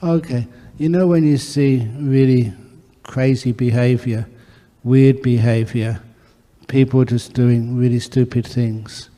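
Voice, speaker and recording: Monk teacher, man, mellow voice, earnest storyteller, long hall reverb. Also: medium pitch, steady tone, slow. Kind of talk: dharma talk answering questions. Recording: echoey hall.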